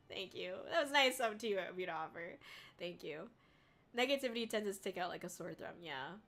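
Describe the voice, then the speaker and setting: Bright-voiced tearful woman streamer. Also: mid-range voice. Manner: swearing freely, laughing and choking up. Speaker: VTuber streamer. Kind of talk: casual live-stream chat reading viewer messages.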